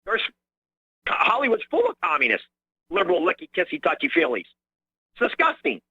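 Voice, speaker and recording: A man's voice: a little fast, husky, no room sound. A man calling in to a radio talk show, ranting indignantly. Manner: indignant ranting, lively pitch swings. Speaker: caller. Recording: dry muffled phone line.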